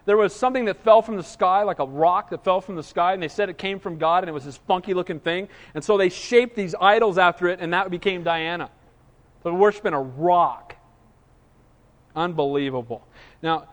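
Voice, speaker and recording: A male pastor preaching an expository sermon, animated, acting out quoted voices and asking for the congregation's agreement. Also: high voice, moderate pace, in a large hall.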